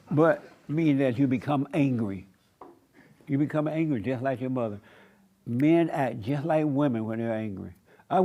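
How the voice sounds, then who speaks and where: A man's voice: mid-range voice, highs cut off. A man preaching a sermon in an emphatic, repetitive cadence with folksy turns of phrase. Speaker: pastor.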